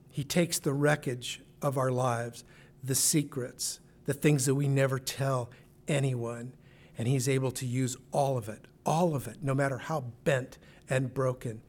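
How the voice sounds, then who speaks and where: A man preaching a sermon as a pastor, earnest and emphatic, now and then restarting a phrase. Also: mid-range voice.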